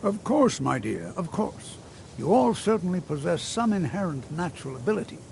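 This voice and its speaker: An actor playing a patient, kindly old male wizard teacher who lectures gently and a little fussily. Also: sits high, big pitch swings, normal speed, gravelly, a little hiss or hum, full character voice. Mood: lecturing. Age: older. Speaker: magic instructor. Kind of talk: video game voice acting.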